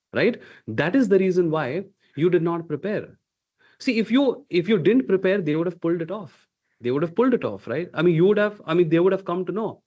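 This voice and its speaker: A man's voice: high-pitched, darkish tone. Emphatic man teaching a class over a call. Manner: emphatic, asks rhetorical questions, checks in with "okay?". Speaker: leadership instructor. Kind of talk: online class lecture. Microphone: video call. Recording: dull lo-fi call audio.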